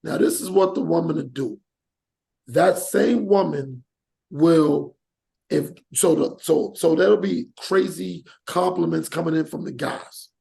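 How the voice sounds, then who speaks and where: A man with a high, heavily gravelly voice hosts a casual podcast chat. He rants with energy and acts out examples mid-sentence. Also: measured pace. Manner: animated, rants with acted-out examples. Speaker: podcast host.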